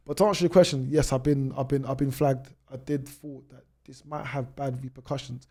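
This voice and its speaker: A British man in his twenties, a travel YouTuber, telling stories as a podcast guest. He jumps ahead quickly and restarts his sentences often. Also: medium pitch, fairly even intonation, mellow. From United Kingdom. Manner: rapid anecdotes with many restarts. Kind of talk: storytelling in a podcast interview.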